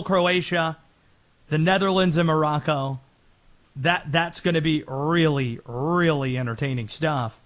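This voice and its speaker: A man hosting a sports show, giving rapid-fire, opinionated commentary on football and soccer. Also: on the high side, a bit bright.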